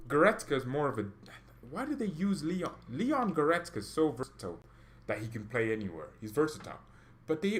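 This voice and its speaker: A man hosting a football livestream, chatting casually and rambling with excited exclamations, coughing now and then. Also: a little high, slight background noise. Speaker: football channel host.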